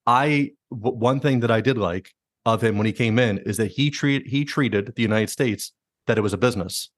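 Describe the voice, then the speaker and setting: A man hosting a podcast, chatting casually and bluntly about politics, swearing freely and mimicking politicians in quick asides. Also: mid-range voice, dry recording, clean studio sound. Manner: fast, swearing, mimics politicians in quoted voices. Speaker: podcast host.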